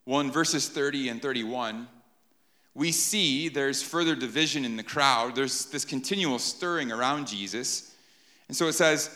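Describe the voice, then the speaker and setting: A man preaching an animated sermon to a live congregation, often checking in with "right?". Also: medium pitch, measured pace. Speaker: pastor.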